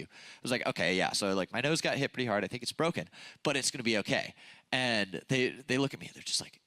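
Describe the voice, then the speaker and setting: Young man, nasal, bright forceful voice, dry close sound, casual youth sermon. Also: lowish voice, expressive, quick pace, no echo. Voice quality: nasal from a broken nose. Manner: chatty, self-deprecating storytelling with many fillers. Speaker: youth pastor. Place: church youth service stage.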